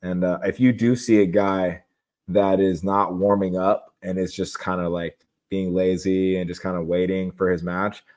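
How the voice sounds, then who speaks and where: Low, flat-voiced man talking candidly. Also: normal speed. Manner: relaxed, candid, rambling with restarts. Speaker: podcast guest, jiu-jitsu competitor. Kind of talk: casual interview talk.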